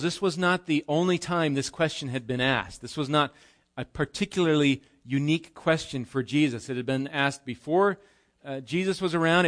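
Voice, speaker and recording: A man's voice: mid-range voice, a bit bright. A man preaching a live sermon in a church, explaining scripture conversationally with rhetorical questions. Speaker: pastor.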